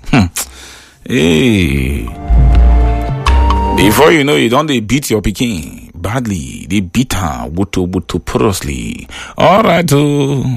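A man with a Nigerian accent hosting a show, chatting casually as he reads out and reacts to listener comments in an animated, laughing way. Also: on the low side, gravelly, no echo, studio quality. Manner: animated, laughing, switching into Pidgin. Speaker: show host.

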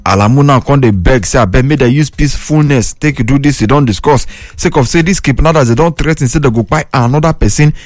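A Nigerian man with a Nigerian Pidgin accent reads the radio news in a brisk, chatty way. His voice sits at a middle pitch. The studio sound is dry and close. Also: no room sound.

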